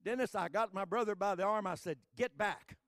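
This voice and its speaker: A man from Texas, preaching a sermon with folksy stories and building to loud, repetitive crescendos. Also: sits high, fast talker, no echo, clean studio sound. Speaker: pastor.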